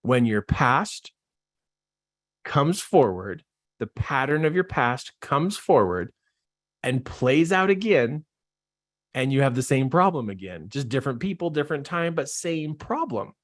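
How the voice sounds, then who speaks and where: A man coaching on self-help, telling his own story in a casual, animated way and acting out his astonished reactions. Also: mid-range voice, measured pace. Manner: casual, says "like" and "man" often. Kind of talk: personal storytelling to camera.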